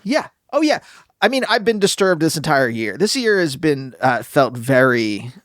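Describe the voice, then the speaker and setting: A man hosting a casual podcast interview, short on sleep, speaking haltingly as he searches for his words. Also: a little high, very animated, a bit bright, dry recording, studio quality. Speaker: podcast host.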